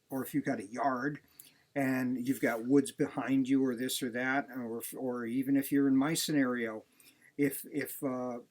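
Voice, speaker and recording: A man's voice: medium pitch, a little mellow. A man, a dog breeder, giving plain-spoken, conversational advice in a casual talk.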